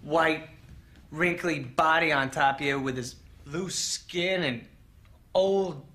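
A man's voice: on the high side, takes it slowly, sharp tone. An actor playing a crude, mocking young man in a comedy film. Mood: taunting. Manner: taunting, crude.

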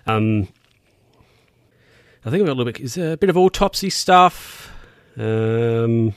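A man's voice: medium pitch, fairly bright tone, clean tone, dry recording, studio quality. A man casually recapping a film scene by scene, rambling and correcting himself with plenty of fillers.

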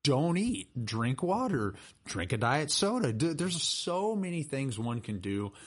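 A man's voice: mid-range voice, measured pace, slightly rough. A young man, a personal trainer chatting casually on a podcast and telling stories with plenty of fillers. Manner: chatty, animated storyteller with laughs and fillers. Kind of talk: casual podcast chat and storytelling.

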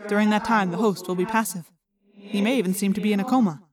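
A woman voicing a calm, formal male alien warrior in an audiobook, with measured, precise diction. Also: mid-range voice, crowd noise, close to an everyday voice. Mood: explaining. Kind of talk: audiobook character reading.

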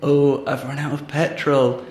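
A man's voice: medium pitch, level tone, measured pace, a little mellow, lightly acted. A man voicing a puzzled stranded driver, asking rising questions, in a roomy recording. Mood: baffled. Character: stranded driver Wally, baffled. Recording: roomy sound with faint noise.

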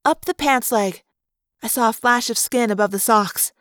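A woman reads a story aloud in first person, expressive and acting out the action as she goes. Her voice sits somewhat high, recorded close and dry with no room sound. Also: moderate pace, no room sound. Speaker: narrator. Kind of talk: first-person audiobook narration.

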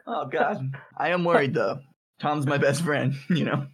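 A player in a tabletop game, animated and laughing often in casual role-play. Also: medium pitch, unhurried, over a noisy crowd.

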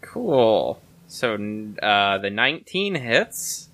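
A man's voice: fairly low pitch, sing-song, slow pace, a bit bright. A man speaking as a player in a tabletop role-playing game, laughing often and hesitating when he speaks in character. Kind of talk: tabletop role-play, joking.

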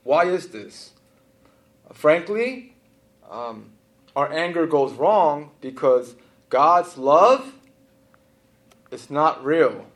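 A man preaching a sermon to a congregation, with a conversational style full of "right?" asides and quick laughs. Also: fairly high pitch, sing-song. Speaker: pastor.

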